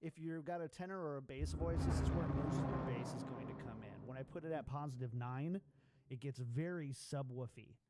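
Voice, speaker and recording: A man's voice: medium pitch, brisk, hardly any pauses. A man streaming live, explaining audio settings one step at a time in a methodical way. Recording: heavy background noise.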